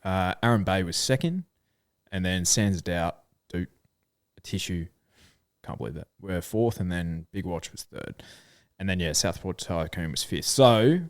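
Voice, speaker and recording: A man with an Australian accent co-hosts a casual horse racing podcast, thinking aloud with plenty of fillers. His low voice is unhurried, recorded dry with clean studio sound.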